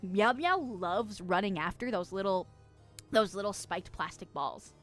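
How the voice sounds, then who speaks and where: A woman in her twenties chatting casually on a live stream, reading chat aloud, giggling often and getting excited. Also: medium pitch, a little slow, soft background music. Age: 20s.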